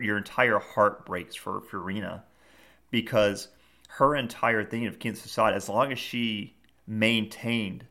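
A man's voice: on the low side, fairly bright tone. A man co-hosting a podcast, retelling scenes in a rambling, casual chat full of fillers. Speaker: podcast co-host.

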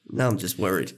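Laughing man co-hosting. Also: deep voice. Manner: laughs often, trails off. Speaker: podcast co-host. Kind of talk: casual film chat.

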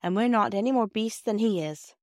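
A woman reading a classic children's storybook aloud and voicing a sensible older girl who gently smooths over a quarrel. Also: mid-range voice, brisk, no echo, clean studio sound, pitched above the performer's own voice, close to an everyday voice. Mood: conciliating. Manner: gentle, coaxing. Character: sensible eldest girl, peacemaker.

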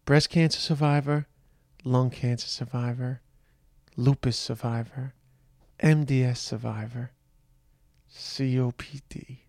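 A tired middle-aged man talks through a personal monologue in a slow, halting way, often trailing off and restarting. His voice has a gravelly fry at a medium pitch. The recording is dry and close, with no room sound. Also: fairly even intonation, a little mellow, no echo. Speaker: podcast host.

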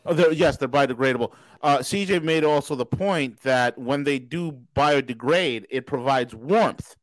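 A man's voice: medium pitch, normal speed, dry recording, rough recording. A male show host talking politics in a blunt, emphatic and sarcastic way. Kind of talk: heated political talk.

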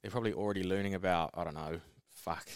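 A New man chats on a podcast in a laid-back, sweary way, often tagging "eh" onto the end of his remarks. His voice is very deep and he talks fast. The recording is dry and close. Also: steady tone, clean tone, no room sound. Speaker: podcast co-host. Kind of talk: casual podcast chat.

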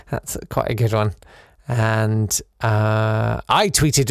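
A man's voice: fairly low pitch, steady tone, slow, no room sound, studio quality. A man hosting a podcast in a casual, rambling way, reading listener messages with self-deprecating asides. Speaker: podcast host.

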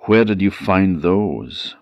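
A man's voice: deep voice, lively intonation, slow pace, darkish tone, no echo, lo-fi sound, voice pushed up, exaggerated voice. A male storyteller voicing a cruel old hag queen who speaks harshly and coldly.

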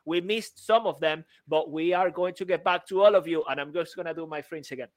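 A man's voice: fairly high pitch, a little fast, no echo. Playful man with a dry close sound. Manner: playful, jokey, bursts of loud excitement. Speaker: podcast co-host. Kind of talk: casual banter.

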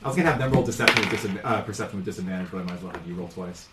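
A man's voice: deep voice, racing. A man running a tabletop game as game master, narrating in a loose, chatty way with frequent ums. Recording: roomy, distant mic, faint noise.

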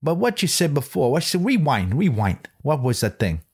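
A man's voice: on the high side, sing-song, normal speed, pitched above the performer's own voice, heavily acted. A man putting on a brash New York tough-guy mentor. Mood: brash, needling. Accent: New York-New Jersey. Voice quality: gruff, swaggering tough-guy patter. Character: brash foul-mouthed male podcast mentor, middle-aged.

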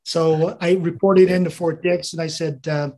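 A man's voice: fairly high pitch, flat delivery, moderate pace, dark tone. An American man in his seventies, a veteran guest in an interview, telling rambling anecdotes with chuckles and quoted dialogue. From United States. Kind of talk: storytelling interview.

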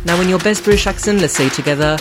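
A host from France runs a casual podcast, teasing and roasting with a cheeky edge. Their pitch sits mid-range, with music playing behind them. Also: quick pace.

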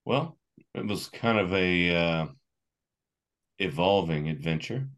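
A man playing a tabletop game, talking in character in a hesitant, halting way with many fillers. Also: sits low, lively intonation, a bit bright, dull audio. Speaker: player. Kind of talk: in-character tabletop role-play.

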